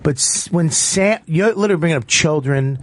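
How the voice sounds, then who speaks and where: A man visiting a radio talk show as a comedian guest, exasperated and quick to laugh. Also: a little high, no room sound.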